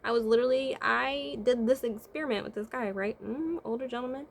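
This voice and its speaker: Fairly high-pitched with vocal fry, a woman talks a little fast over slight background noise. The vlogger and spiritual consultant gives casual life advice to camera, asks rhetorical questions, and checks in with "right?" She hums "mm-hmm" frequently as she thinks out loud.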